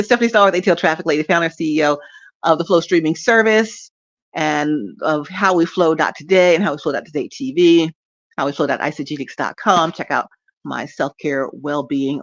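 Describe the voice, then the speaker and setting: A woman's voice: sits low, no room sound, dull audio. A woman, talking in a rambling, upbeat vlog style and laughing often, recorded lying down at home on a phone or webcam. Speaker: traffic reporter and streaming host. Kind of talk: casual direct-to-camera vlog.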